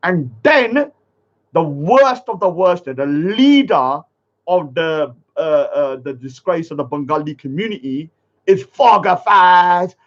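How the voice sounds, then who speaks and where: Animated ranting man. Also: fairly high pitch, slow pace. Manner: animated, heated, tags lines with "yeah". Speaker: online commentator. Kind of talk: ranting commentary. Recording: muffled lo-fi audio.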